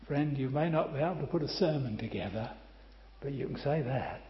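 An older man preaching a sermon, slow and emphatic, calling his listeners friend. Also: mid-range voice, expressive. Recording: roomy, slightly dull church recording.

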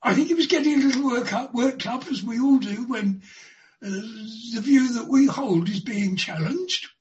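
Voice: medium pitch, normal speed, dull audio, a little hiss or hum. A preacher giving a sermon, stretching out key words for emphasis.

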